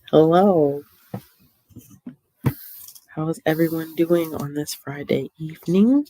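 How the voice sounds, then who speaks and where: Slow, chatty woman livestream host. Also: deep voice, a little mellow, slight background noise. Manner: chatty, drawn-out greetings, frequent ums and laughs. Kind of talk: casual chat.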